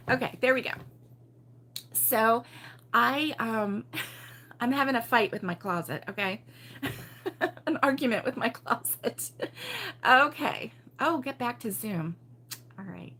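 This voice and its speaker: A woman's voice: a little high, lively intonation, slow pace, pauses often, pushed and bright, slightly rough. An older woman from Baltimore hosting a casual crochet livestream, chatty and giggly, rambling with lots of ums. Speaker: crochet show host.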